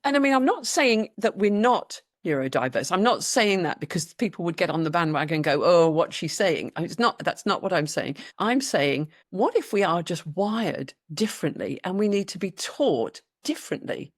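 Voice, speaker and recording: A middle-aged British woman, a podcast guest and author, telling her story in a casual interview with lively, acted-out quotes. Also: lowish voice, normal speed, hardly any pauses, dry recording, clean studio sound. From Britain. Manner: animated storytelling, acts out quoted voices.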